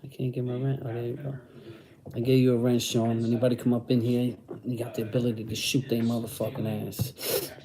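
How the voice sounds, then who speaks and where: A man's voice: mid-range voice, flat delivery, a little fast, a crowd in the background. A middle-aged man chatting casually on a livestream, using street slang and repeating phrases. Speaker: host reading live chat.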